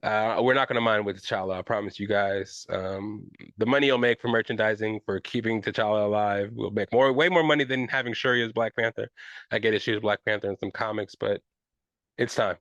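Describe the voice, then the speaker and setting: A man's voice: on the low side, steady tone, a little fast, a bit bright, no echo, lo-fi sound. A man hosting his own podcast, talking loosely and profanely in a rambling casual way, often checking in with "you know what I'm saying". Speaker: podcast host. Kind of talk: casual solo podcast commentary.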